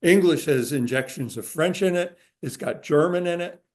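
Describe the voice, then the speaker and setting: A man giving a talk to a group in a room, explaining at an easy pace with frequent filler pauses. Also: on the high side, darkish tone. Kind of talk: conversational lecture. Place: room with a live audience.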